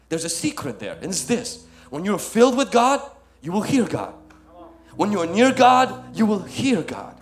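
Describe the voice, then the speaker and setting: A male pastor preaching a sermon, swinging from loud emphatic lines to soft ones and calling listeners "my friend". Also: on the high side.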